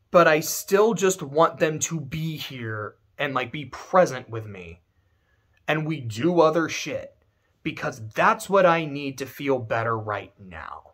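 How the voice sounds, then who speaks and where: A man's voice: fairly high pitch, a bit bright. A man giving casual game commentary to camera, emphatic and ranting, swearing freely. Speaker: video creator.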